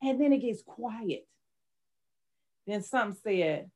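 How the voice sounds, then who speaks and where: A middle-aged woman tells her own life story in an interview, frank and unguarded. Her voice sits a little high. She throws herself into the retellings. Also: lively intonation, slow pace, long pauses. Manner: candid, dramatic retelling, rising to shouts when reliving anger. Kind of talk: personal testimony in an interview.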